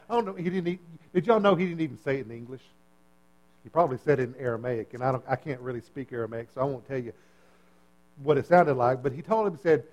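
A man preaching a sermon in a conversational, animated way, repeating phrases, checking in with his listeners and acting out the voices in the story. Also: medium pitch, fast. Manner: animated, repetitive, acts out voices. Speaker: pastor.

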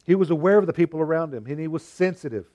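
A male pastor preaching an earnest sermon, moving between emphatic and hushed delivery. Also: fairly high pitch, expressive, racing, muffled recording.

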